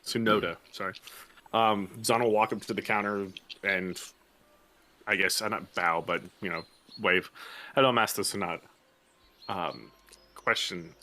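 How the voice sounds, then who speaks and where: A man's voice: sits low, fairly even intonation, measured pace, long pauses, pushed and bright. A man playing a tabletop game, speaking his character's lines in a polite, formal manner. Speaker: player.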